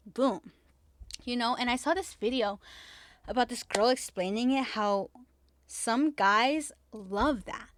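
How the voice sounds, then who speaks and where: A woman's voice: on the high side, slow pace, no room sound. A woman hosting a podcast in casual chat, talking emphatically with lots of "like", repeating herself and swearing freely. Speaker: podcast host.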